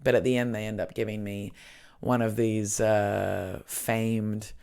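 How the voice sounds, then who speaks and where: A woman's voice: rumbling low, flat delivery, measured pace, vocal fry, a little mellow, smooth. A woman comedian telling stories in a casual, rambling way, swearing freely. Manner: rambling and profane, many fillers and restarts. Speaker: comedian and podcast host. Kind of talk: casual storytelling chat.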